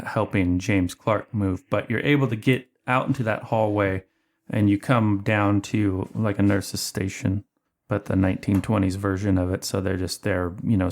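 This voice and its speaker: A man narrating as game master of a tabletop horror game, relaxed and thinking aloud with fillers, over an online call. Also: fairly low pitch, gravelly.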